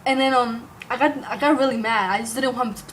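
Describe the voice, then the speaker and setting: A woman's voice: a little high, fast, a bit bright, a little hiss or hum, rough recording. Rambling young woman vlogging. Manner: rambling, heavy use of "like", occasional cursing. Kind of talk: casual storytelling to camera.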